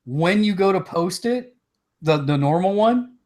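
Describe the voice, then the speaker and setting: Man, slightly high voice, podcast co-host, casual chat, relaxed, hiccups. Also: a little slow. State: has the hiccups.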